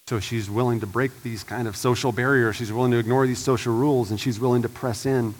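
A man preaching a sermon as pastor, swinging from hushed and slow to loud and urgent. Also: medium pitch, steady tone. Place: church sanctuary.

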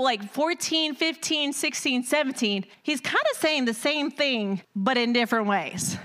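Woman preacher, high voice, chatty sermon with laughing asides and scripture reading. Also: fairly bright tone. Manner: casual, laughing asides, calls on the congregation.

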